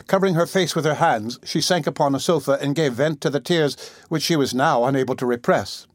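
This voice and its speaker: A man's voice: fairly high pitch, dry recording, studio quality. Man reading a classic novel aloud. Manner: measured, even storytelling. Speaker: narrator.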